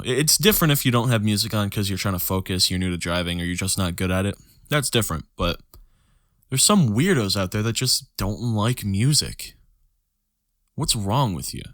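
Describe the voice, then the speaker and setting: Low-voiced young man ranting casually. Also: a bit bright, no echo, clean studio sound. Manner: rambling, profane, restarts words, sings snatches of songs. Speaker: podcast host. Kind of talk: solo casual podcast rant.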